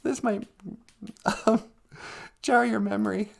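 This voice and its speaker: A woman's voice: medium pitch, fairly even intonation, slow pace, vocal fry, a little mellow. A woman co-hosting a podcast in casual chat, playful and teasing, laughing easily. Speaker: podcast co-host.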